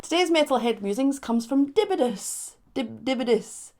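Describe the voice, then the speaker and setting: A woman's voice: high-pitched, lively intonation, music in the background. Playful woman vlogger. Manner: playful, jokey, speaks deliberately slowly. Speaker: YouTuber and soul singer reacting to music. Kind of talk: casual reaction vlog.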